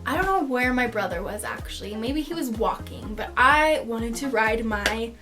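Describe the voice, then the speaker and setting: A young woman telling a personal story in a casual vlog, animated, swearing freely and laughing mid-sentence. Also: a little high, a little slow, faint music behind. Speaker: vlogger.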